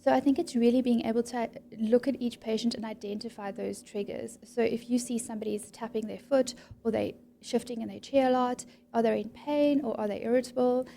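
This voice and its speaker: Woman clinical psychologist, mellow and gravelly, steady explanatory interview guest. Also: on the high side. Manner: calm, measured, explanatory. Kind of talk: professional interview.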